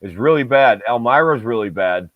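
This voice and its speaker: A man's voice: mid-range voice, lively intonation, normal speed, no echo. A man, co-hosting a podcast in a profane, rambling chat packed with filler words. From Southern Tier of New York. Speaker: podcast co-host. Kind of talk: casual chat. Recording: dull lo-fi dry recording.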